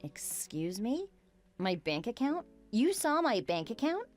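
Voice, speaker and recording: A woman plays a puzzled young roommate who stays calm and reasonable while asking questions. Her slightly high voice has a lively pitch. She is a character in a storybook text-message drama. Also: measured pace, soft background music.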